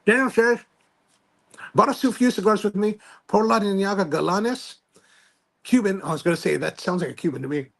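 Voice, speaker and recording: A man's voice: high voice, moderate pace, creaky, a bit bright. A man hosting a live stream, rambling casually and self-deprecatingly while reading viewer comments aloud. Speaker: livestream host.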